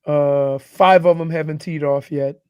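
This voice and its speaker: A man on a sports radio show reading golf scores off a leaderboard, pausing often with fillers. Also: fairly high pitch, fairly even intonation, a little mellow, clean tone, no echo, clean studio sound. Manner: halting, with fillers as he reads a leaderboard. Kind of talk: casual sports radio banter. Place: radio studio.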